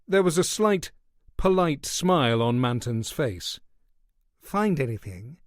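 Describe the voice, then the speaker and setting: A man reading a thriller audiobook in a steady, measured way. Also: fairly high pitch, clean tone, dry recording, clean studio sound. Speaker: audiobook narrator. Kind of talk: scripted narration.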